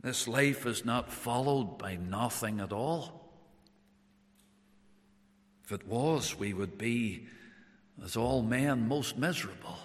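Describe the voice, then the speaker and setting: A man preaching a sermon, moving between loud emphatic declarations and hushed tender passages, often repeating phrases for emphasis. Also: mid-range voice, slow, long pauses. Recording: long hall reverb.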